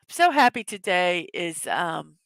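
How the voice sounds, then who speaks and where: A woman's voice: on the low side, sing-song, a little slow, a bit bright, no room sound, rough recording. A woman hosting a casual live stream, chatting with viewers and reading their comments, giggling often, with many fillers. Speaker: livestream host.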